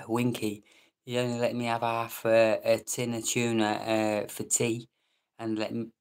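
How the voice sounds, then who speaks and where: A British man hosting a late-night live stream chat, joking with viewers and reading out their names, sometimes dropping to a whisper. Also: medium pitch. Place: room at home at night.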